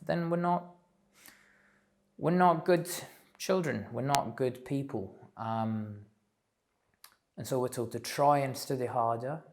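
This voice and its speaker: A man giving a slow, thoughtful spiritual talk, pausing often with fillers. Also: medium pitch, gravelly. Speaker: spiritual teacher. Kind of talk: reflective solo talk.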